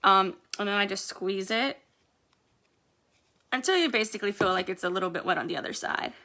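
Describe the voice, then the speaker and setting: A woman's voice: medium pitch, expressive, fairly quick, pushed and bright. A woman chatting casually through a home nail-care tutorial, rambling a little and filling gaps with "um" and "like". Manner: chatty, rambling with many fillers. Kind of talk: casual how-to demonstration.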